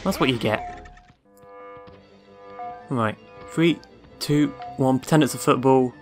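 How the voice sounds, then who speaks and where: A man's voice: medium pitch, slow, pauses often, over music. A man giving casual gameplay commentary, sarcastic, swearing freely and talking back to the game. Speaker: let's play gamer.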